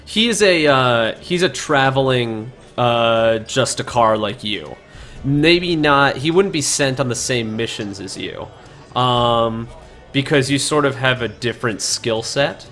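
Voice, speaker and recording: A man narrating as game master in a relaxed, halting way. His voice sits at a middle pitch, and soft music plays under the talk. He fills his pauses with small hesitations. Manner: casual, halting, with fillers.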